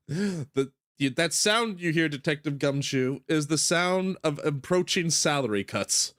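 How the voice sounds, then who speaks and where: A man's voice: fairly high pitch, animated, measured pace, fairly bright tone. A man streaming a game playthrough, chatting playfully and rambling with his viewers. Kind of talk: casual game playthrough with read-aloud.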